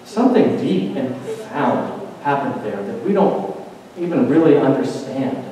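A man preaching a sermon, building to intense climaxes and dropping to hushed, quiet emphasis. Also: mid-range voice, expressive, unhurried. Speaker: pastor. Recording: roomy hall reverb, mic at a distance.

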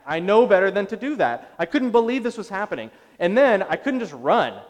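A middle-aged male pastor delivers a sermon in an animated, self-deprecating storytelling manner. His voice sits a little high for a man, and a long reverb from a large church hall trails behind each phrase. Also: fairly quick, few pauses.

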